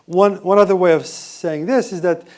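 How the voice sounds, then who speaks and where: A man's voice: high-pitched, fairly even intonation, normal speed, darkish tone. A man giving a conversational business keynote at a conference, with restarts and rhetorical questions. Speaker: conference speaker.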